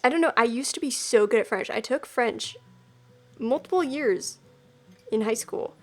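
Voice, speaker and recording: A woman's voice: fairly high pitch, normal speed, faint music behind. Chatty young woman streaming a game. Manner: self-deprecating and chatty. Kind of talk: casual game commentary.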